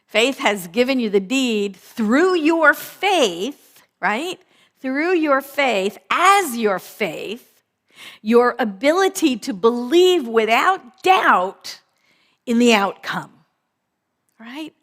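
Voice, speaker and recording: A woman minister giving a conversational sermon, repeating phrases for emphasis, slowing on key words and often asking "right?". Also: fairly high pitch, sing-song, fairly bright tone.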